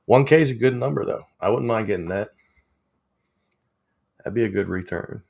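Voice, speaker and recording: Low-voiced man rambling on a livestream. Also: normal speed, gravelly, a little mellow. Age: 40s. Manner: rambling, chuckling, reading chat aloud. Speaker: livestream host. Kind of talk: casual live chat.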